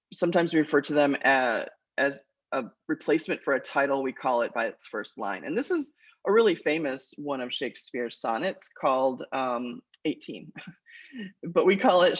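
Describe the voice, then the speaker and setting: A woman, a college English teacher lecturing her class and reading verse aloud in a measured rhythm. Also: deep voice, animated. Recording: dull lo-fi lecture recording.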